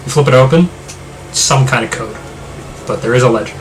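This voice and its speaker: A man's voice: mid-range voice, a little fast, a little hiss or hum, poor audio. A man running a tabletop game as game master, narrating loosely with many fillers and restarts.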